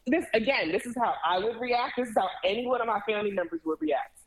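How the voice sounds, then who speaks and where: A woman telling a story in casual chat, emphatic and animated, acting out what people said. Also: fairly high pitch, fast, roomy sound, low-quality recording. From Caribbean family background. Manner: animated, emphatic retelling with acted-out quotes.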